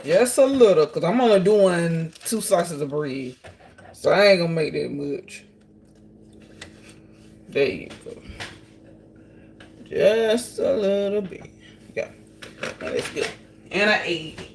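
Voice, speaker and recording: Female vlogger, unhurried and chatty, talking to camera while cooking at home. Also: on the low side, lively intonation, a little mellow, slight background noise. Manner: chatty, talks straight to viewers. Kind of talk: casual cooking vlog chat. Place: home kitchen.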